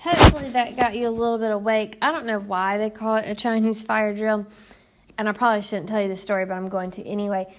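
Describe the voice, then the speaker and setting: A woman's voice: medium pitch, steady tone, fast, a little hiss or hum. A young woman, teaching a recorded science lesson in a chatty, upbeat way and speaking straight to her students. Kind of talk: recorded classroom lecture.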